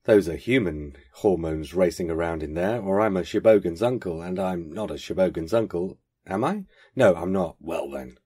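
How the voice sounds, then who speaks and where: A man reading aloud, putting on an eccentric, posh male stranger who rattles off rapid, clipped questions and answers them himself. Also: low voice, warm tone, slightly rough. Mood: racing.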